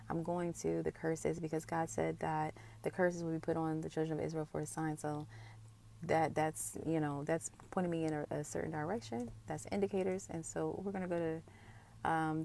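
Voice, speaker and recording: Low gravelly woman commenting to camera. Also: fairly even intonation, moderate pace, mellow, a little hiss or hum. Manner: casual, thinking aloud with fillers. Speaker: video creator.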